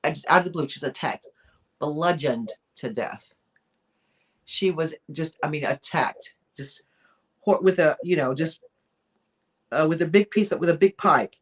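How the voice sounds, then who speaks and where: A woman's voice: low-pitched, measured pace, pauses often, slightly rough. Rambling woman retelling a true crime story. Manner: rambling storyteller with many fillers and restarts. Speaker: co-host of a weekly chat show.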